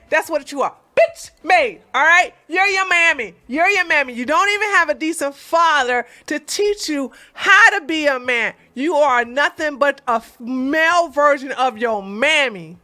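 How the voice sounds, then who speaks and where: A woman's voice: high-pitched, pushed and bright, dry recording. A woman hosting an advice channel, telling a story to her viewers bluntly and animatedly, repeating herself for emphasis. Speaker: relationship advice channel host.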